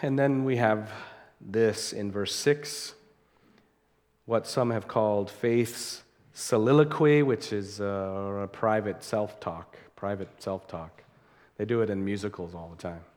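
A man preaching a sermon in an earnest way, slowing down to stress key words as he reads scripture aloud. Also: fairly low pitch, darkish tone. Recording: long hall reverb.

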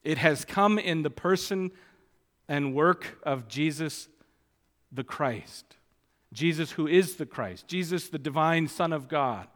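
A man preaching an expository sermon, emphatic and stressing key phrases by slowing down. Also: a little high, animated, fairly bright tone, long reverb tail.

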